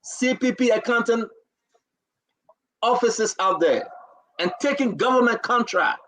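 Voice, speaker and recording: A man's voice: very high voice, expressive, unhurried, fairly bright tone. A man with a Liberian English accent hosting a talk show, giving an emotional, declamatory political speech and holding back tears. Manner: emotional, declamatory, repeating phrases.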